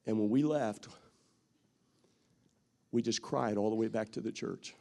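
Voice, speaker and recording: A middle-aged man, a pastor, preaching a sermon with strong feeling, jumping from loud calls to soft, quiet words and acting out what others say. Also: lowish voice, measured pace, vocal fry. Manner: emotive preaching with acted-out quotes, swings from loud to soft.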